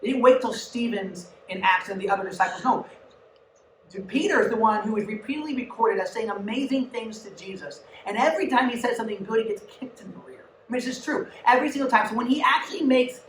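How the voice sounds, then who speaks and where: Woman youth pastor, lively conversational sermon, room echo, mic set back. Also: a little high, fast talker, slight background noise. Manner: conversational and animated, with asides to the audience. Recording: echoey room, mic at a distance.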